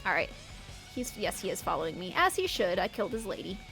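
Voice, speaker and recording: A woman's voice: medium pitch, sing-song, quick pace. A woman streaming a video game with chatty, giggly, self-mocking casual commentary. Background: faint background music.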